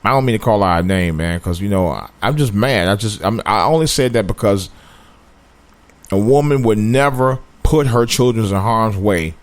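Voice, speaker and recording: Low-voiced man ranting on his own show. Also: normal speed. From Cleveland, USA. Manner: starts low and somber, then builds into loud angry ranting with profanity. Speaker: host of a solo commentary show. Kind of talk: unscripted solo commentary. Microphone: own microphone.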